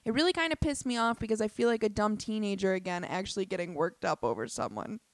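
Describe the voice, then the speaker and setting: A young woman telling a story in a casual, animated way, swearing often and restarting her sentences. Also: mid-range voice, fast, few pauses, no echo. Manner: animated, profane, lots of fillers and restarts.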